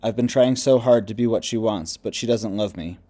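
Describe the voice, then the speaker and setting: A man's voice: moderate pace, natural voice. A man reading as a lost, bitter male spirit. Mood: despairing. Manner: low, subdued, quiet delivery.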